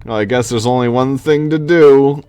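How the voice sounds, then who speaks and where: A man's voice: medium pitch, normal speed, mellow, smooth, no room sound. A man joking and swearing casually while playing a game with a co-host. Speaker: let's play host. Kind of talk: casual gameplay commentary.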